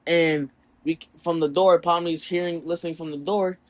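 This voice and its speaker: A man's voice: a little high, normal speed. A man casually retelling his rewrite of a story, rambling with lots of fillers. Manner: rambling, filler-heavy, animated. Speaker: storyteller and video creator.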